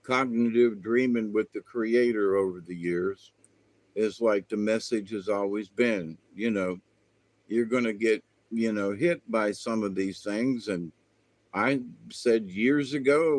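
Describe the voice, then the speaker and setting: A man's voice: lowish voice, a little slow, no room sound. A man hosting his own spiritual channel, talking in a meandering, folksy way with lots of fillers. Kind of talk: rambling spiritual monologue.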